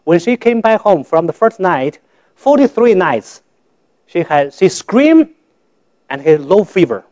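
A man from China, giving a church testimony in halting, simple English, often repeating and restarting words. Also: high-pitched, sing-song, a little mellow. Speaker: guest speaker giving testimony.

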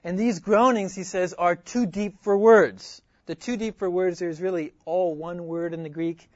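A man preaching an expository sermon, earnest, repeating key phrases and moving between loud emphasis and hushed asides. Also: high voice, fairly even intonation, unhurried, no echo, muffled recording.

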